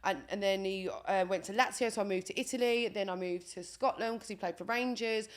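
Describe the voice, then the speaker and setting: A woman in her thirties talks at a quick clip as a guest on a podcast. Her chat is easy and chatty, broken up by frequent laughs, and her pitch sits in an ordinary middle range. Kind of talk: casual chat.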